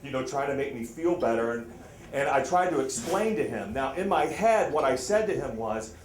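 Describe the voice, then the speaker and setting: A man telling a funny story live to an audience, self-mocking and animated, his voice jumping high when he gets excited. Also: moderate pace, slight background noise. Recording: roomy hall with faint ambience.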